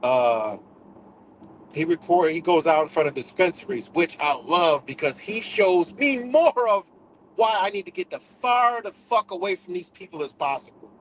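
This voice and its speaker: A man's voice: high voice, moderate pace, fairly bright tone, a little hiss or hum, rough recording. A man hosting a livestream in a casual, profane rant, repeating himself for emphasis. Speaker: livestream host.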